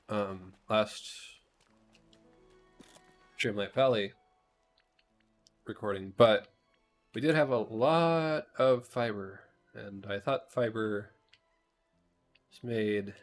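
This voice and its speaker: A man streaming a video game, talking casually and thinking aloud as he plays. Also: fairly low pitch. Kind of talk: casual gameplay commentary.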